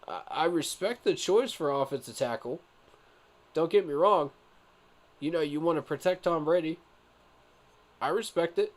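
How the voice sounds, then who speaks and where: A man live-streaming his reaction to a sports event, emphatic and exasperated, talking straight to his viewers with rhetorical questions. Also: a little high. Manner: emphatic, addresses viewers directly as y'all.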